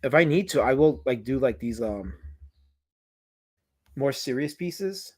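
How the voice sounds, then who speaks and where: A man's voice: medium pitch, lively intonation, unhurried. A man hosting a live drawing stream, chatting casually and slipping into mock-offended, theatrical complaints. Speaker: livestream host.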